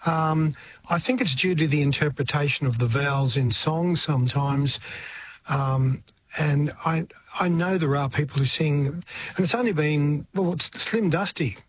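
Casting: older male musician, slightly high voice, rambling, faint noise behind. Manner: rambling, halting, restarts thoughts. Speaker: musician guest. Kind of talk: casual radio interview.

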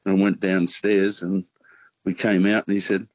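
A low-voiced man calls in to a radio show and rambles through a story. He stops and starts with fillers, heard dry and close. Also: level tone, normal speed, a little mellow, dry recording, poor audio. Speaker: radio caller. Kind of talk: phone-in anecdote.

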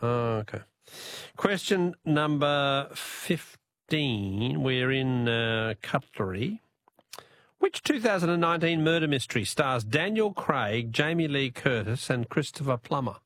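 A man's voice: mid-range voice, normal speed, a bit bright, no room sound. A man with an Australian accent hosting a talkback radio quiz, easygoing and chuckling.

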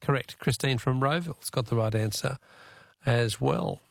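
A man with an Australian accent hosting a talkback radio quiz, jovial and quick to laugh. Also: medium pitch, vocal fry, dry recording, clean studio sound.

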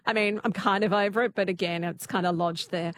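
A woman's voice: medium pitch, fairly even intonation, brisk, no room sound. A woman hosts a talkback radio quiz in an easy, chatty way. She laughs often between questions.

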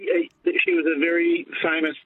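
Flustered guy calling in, gravelly, dull phone line. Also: very high-pitched, a little fast, no room sound. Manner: excitable, flustered. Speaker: caller.

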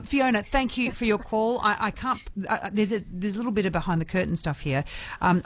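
A woman hosting talkback radio, chatty and self-mocking, laughing easily between remarks. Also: fairly low pitch. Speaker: radio host. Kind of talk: casual talkback radio chat. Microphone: studio microphone.

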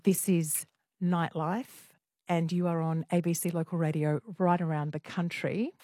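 A woman hosting a radio phone-in show and asking callers quick, chatty questions. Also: on the low side, flat delivery, warm tone, no room sound, clean studio sound. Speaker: radio host. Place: radio studio.

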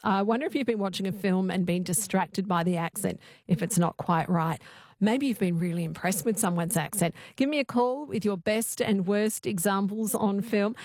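A woman's voice: mid-range voice, normal speed. A woman hosting a late-night radio talk show on a studio mic, chatty and enthusiastic. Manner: chatty and warmly enthusiastic, chuckles. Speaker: radio host.

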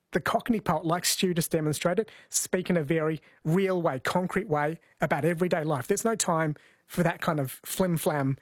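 A man's voice: high-pitched, no echo. A man hosting a music segment, explaining history in an enthusiastic way. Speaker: host. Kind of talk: presenting a music show segment.

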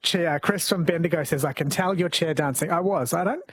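Man, radio host, husky voice, dry studio sound, chatty. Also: fairly high pitch, fairly quick, no room sound. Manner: chatty, amused, reads listener texts aloud. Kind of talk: late-night talkback radio quiz.

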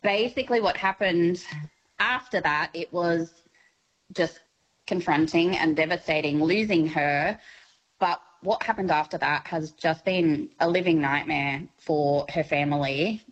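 A woman in a radio interview, telling about her family's loss in a measured way. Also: on the low side, lo-fi sound. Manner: measured, telling a painful story. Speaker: interview guest.

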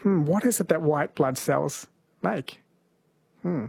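A man hosting an overnight radio quiz in a gentle, chatty way, reading questions from a studio microphone. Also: a little high, takes it slowly, creaky, husky, no echo. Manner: gentle, chatty, laughs easily.

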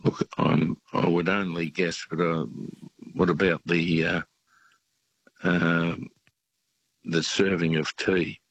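Deep, flat-voiced hesitant male caller. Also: slow pace, pauses often, no echo, rough recording. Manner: hesitant, lots of uh and restarts. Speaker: radio caller. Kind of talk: quiz contestant on the phone.

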